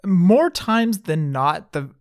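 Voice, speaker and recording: A man co-hosting a casual podcast chat, easygoing and quick to laugh. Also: high voice, expressive, dry recording, clean studio sound. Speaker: podcast co-host.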